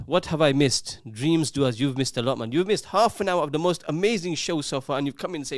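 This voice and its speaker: A man's voice: fairly high pitch, brisk, hardly any pauses, dry recording, studio quality. A man hosting a community radio call-in show, teasing listeners and reading out their messages in a casual, jokey way. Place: radio studio.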